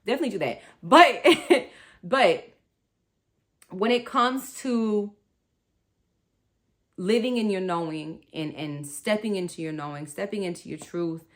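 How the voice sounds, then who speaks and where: A woman's voice: mid-range voice, measured pace, long pauses, fairly bright tone. A woman hosting a spiritual wellness talk, chatty and rambling, laughing often and calling her listeners y'all. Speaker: spiritual wellness podcast host.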